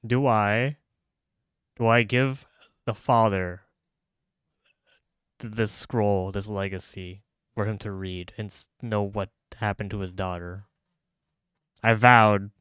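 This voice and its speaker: A man's voice: on the low side, steady tone, takes it slowly, long pauses, smooth, no room sound, clean studio sound. A young man streaming live, chatting loosely as he plays and rambles through restarts and slang. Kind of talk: casual live-stream chat while gaming. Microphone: studio mic with pop filter.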